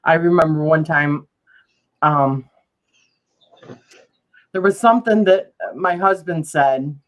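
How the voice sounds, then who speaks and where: A woman's voice: low-pitched, slow pace. A middle-aged woman hosting a casual video interview, chatty and teasing. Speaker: host. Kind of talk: casual chat.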